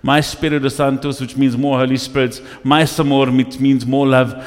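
A male pastor preaching a sermon, telling stories with lively acted asides in a church. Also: mid-range voice, moderate pace. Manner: animated storytelling with acted asides. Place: church hall. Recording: echoey church hall.

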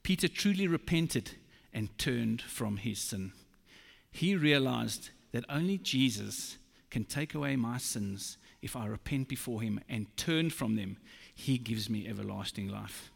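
A man with a mid-range, gravelly voice preaches a sermon slowly and emphatically, his intonation lively. The long reverb of a large hall carries his words.

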